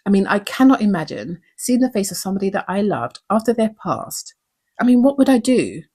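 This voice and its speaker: A woman's voice: medium pitch, big pitch swings, fast, mellow, slightly rough. A woman hosting a recap show, talking in an earnest, reflective way and asking many questions. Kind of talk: recap commentary.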